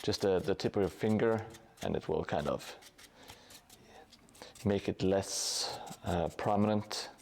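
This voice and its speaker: A man's voice: deep voice, a little slow, vocal fry, a little mellow, slight background noise. A man live-streaming his terrain painting in a casual, hesitant way, with many fillers and restarts. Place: home hobby room above a gym.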